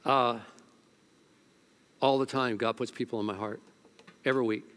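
An older man preaching a sermon as pastor, colloquial and animated, swinging from loud exhortation to hushed storytelling and repeating words when worked up. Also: mid-range voice, normal speed.

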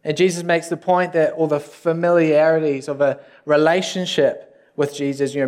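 A man, a youth pastor, preaching a sermon in a casual, joking way with self-deprecating asides. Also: a little high.

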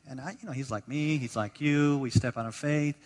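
A man preaching a sermon as pastor, animated, acting out the voices of the people he quotes and repeating words as he builds his points. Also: on the high side, a little fast. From United States. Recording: long hall reverb.

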